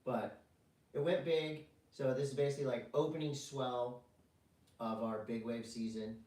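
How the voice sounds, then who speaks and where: A man's voice: mid-range voice, normal speed, recorded from a distance. Podcast co-host, male, rambling and jokey, recorded a bit off-mic in a roomy space. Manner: jokey, rambling, deadpan asides. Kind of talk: casual chat.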